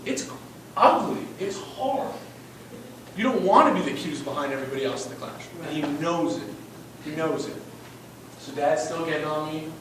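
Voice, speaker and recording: A man's voice: a little high, moderate pace, long pauses, fairly bright tone. A man who is a school principal, telling an emphatic story at a fundraiser and often asking "right?". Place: event room. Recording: echoey room, distant mic, noisy.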